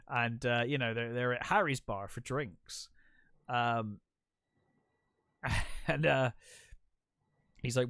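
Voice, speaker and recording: A man chats through a film's plot on a podcast, dropping quick quotes from the characters into his retelling. His voice sits in a middle pitch, recorded close and dry with no room sound. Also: a bit bright, clean tone, no room sound. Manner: retells scenes, quoting characters in passing. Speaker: podcast co-host. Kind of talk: casual film discussion.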